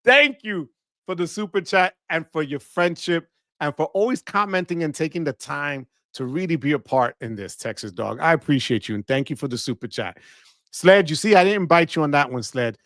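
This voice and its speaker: A man hosting a live stream, excitedly thanking viewers one by one and often shouting out a cheer. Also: fairly high pitch, moderate pace, dry recording, studio quality. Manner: enthusiastic, shouts "wepa" often. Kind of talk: live stream super chat shout-outs.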